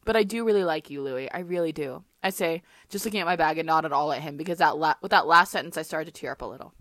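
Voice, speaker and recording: A young woman with a slightly low, forceful, bright voice reads her old fan fiction aloud on a podcast. She keeps slipping from the text into wry, self-mocking asides. The recording is close and dry, with no room sound. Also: fast talker, dry recording. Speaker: podcast co-host.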